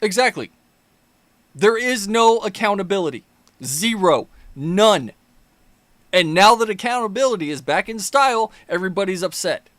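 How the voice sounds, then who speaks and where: A man's voice: high-pitched, animated, normal speed, a bit bright, no room sound. A man hosting his own political commentary video, ranting angrily with heavy profanity and mocking sarcasm. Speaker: commentary channel host.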